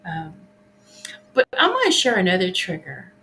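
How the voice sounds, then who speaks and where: A woman in casual podcast conversation, reflective and quick to laugh, speaking in short halting bursts. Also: lowish voice, wildly swooping pitch, sharp tone, a little hiss or hum, poor audio.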